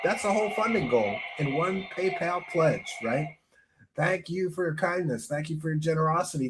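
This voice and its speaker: A man hosting a livestream, talking in a profane, mocking comedic way and often breaking into shouts. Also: a little high. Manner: loud, mocking, swings into shouting. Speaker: livestream host.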